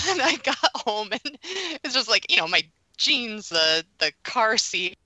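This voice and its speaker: A woman co-hosting a podcast, telling a story in relaxed, chatty conversation. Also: fairly high pitch, takes it slowly, dry recording. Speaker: podcast co-host. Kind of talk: casual storytelling chat.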